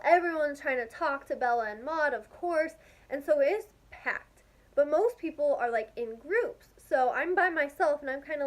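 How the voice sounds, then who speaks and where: A young woman with a high voice chats casually to her vlog audience. She gushes with excitement and peppers every sentence with "like". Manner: gushing, excitable, heavy use of "like". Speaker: vlogger. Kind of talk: casual storytelling to camera.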